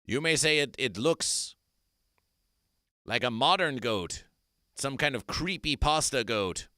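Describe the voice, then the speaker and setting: Male comic host, grandiose and repetitive, smooth tone, dry close mic. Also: mid-range voice, animated, slow pace, sharp tone, no room sound. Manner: grandiose, repetitive, mock-solemn proclamations. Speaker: comedy performer. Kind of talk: absurdist livestream chat.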